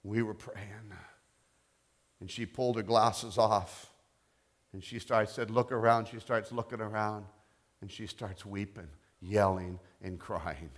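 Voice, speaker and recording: A middle-aged male pastor preaching a sermon, telling a testimony softly and rising to loud, impassioned declarations. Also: lowish voice, fairly even intonation, unhurried. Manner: quiet storytelling building to loud, impassioned declarations.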